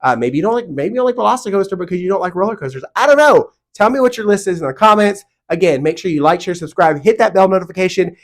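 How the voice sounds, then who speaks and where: Middle-aged guy vlogging to camera, highish voice, animated and emphatic, fake-outraged opinions. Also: fast talker, few pauses. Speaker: theme park vlogger. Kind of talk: casual opinionated vlog talk to camera. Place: home studio.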